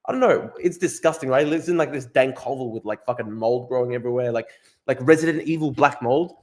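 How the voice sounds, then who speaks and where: A man's voice: medium pitch, quick pace, a little mellow. A man hosting a casual livestream, ranting in a profane, incredulous way and repeating himself. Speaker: streamer host.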